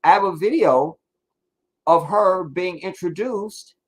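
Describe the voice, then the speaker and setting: A man's voice: high voice, slow. A man hosting a casual livestream, ranting and rambling with heavy profanity. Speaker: livestream host.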